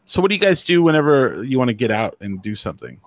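A man's voice: mid-range voice, big pitch swings, fast talker, dry recording. A man hosting a casual talk show, rambling with many "like"s and restarts. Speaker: host. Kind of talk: casual chat.

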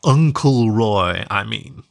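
A man voicing a young mother dog who talks in a bright, teasing way. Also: medium pitch, very animated, moderate pace, pitched above the performer's own voice. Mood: fond.

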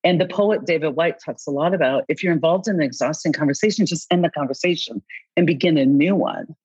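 Husky low-ish lady coach chatting on a podcast, acts out convos, dry dull lo-fi sound. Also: quick pace, no echo. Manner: animated, acts out both sides of dialogues. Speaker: coach advising company founders. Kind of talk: podcast conversation.

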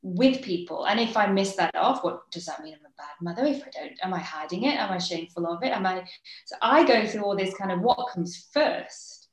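A woman with an English accent, co-hosting a podcast and talking things through in a reflective, quick way. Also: mid-range voice, expressive. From England. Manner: reflective, explains in quick bursts. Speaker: podcast co-host. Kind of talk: casual podcast chat. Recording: roomy echo.

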